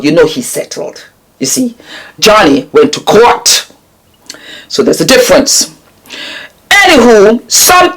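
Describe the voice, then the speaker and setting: A woman vlogger reading celebrity news aloud and breaking off for emphatic, sassy asides to her viewers. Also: fairly low pitch.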